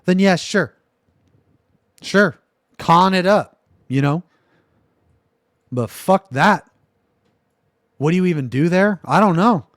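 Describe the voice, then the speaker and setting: A man streaming live, ranting in a profane, exasperated way that swings from loud outbursts to low muttering. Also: animated, slow pace, pauses often, no echo, clean studio sound. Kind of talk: livestream reaction rant.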